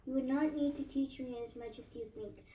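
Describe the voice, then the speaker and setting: A humble orphan boy pleads respectfully and earnestly, voiced by a woman. The voice is mellow and pitched a bit high. It sounds off-mic in an echoey room. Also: steady tone, brisk, distant mic, lightly acted.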